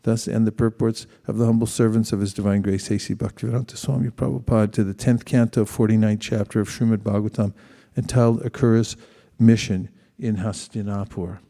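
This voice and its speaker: A man leading a scripture study class, reading a passage aloud and then asking thoughtful questions, often pausing to rephrase. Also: fairly low pitch, little pitch movement, warm tone. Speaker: class leader.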